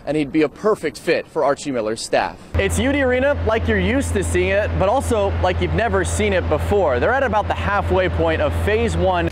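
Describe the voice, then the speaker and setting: A man reporting sports news for television with an upbeat, crisp delivery. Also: sits high, background noise.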